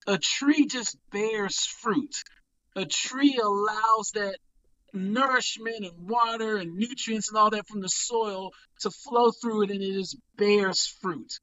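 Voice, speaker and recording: An older man, a pastor, talking quickly and preacherly in a casual podcast discussion. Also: sits high, pushed and bright, no echo, lo-fi sound.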